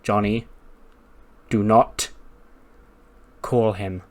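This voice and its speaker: A man playing a tired, desperate male wrestler, weary and pleading, mostly a little quieter than plain talk. A beaten-down husband looking for help. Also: lowish voice, steady tone, very slow.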